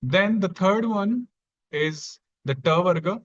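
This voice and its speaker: A man's voice: high voice, expressive, takes it slowly. A man teaching Sanskrit pronunciation in an online class, patient and repeating each sound for students to copy. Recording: dull lo-fi sound.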